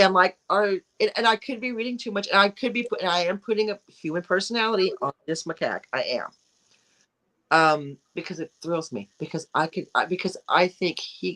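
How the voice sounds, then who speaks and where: A woman co-hosting a casual chat show, talking in an animated, rambling way with frequent restarts. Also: on the low side, rough recording. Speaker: co-host.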